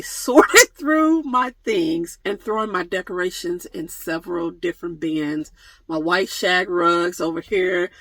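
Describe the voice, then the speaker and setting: A woman vlogger chats through viewer questions with a bright, forceful voice, laughing often and hamming up mock-dramatic complaints. She records on a phone camera in a dry, close sound with little room echo. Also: on the low side. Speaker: van life vlogger. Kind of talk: casual Q&A vlog.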